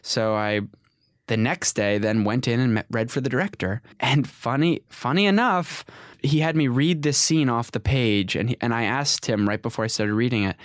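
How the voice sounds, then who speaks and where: A man in his twenties, an actor, telling stories from his career in a casual interview, rambling and animated, with many restarts and self-corrections. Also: mid-range voice, normal speed, no echo, clean studio sound. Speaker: actor, guest.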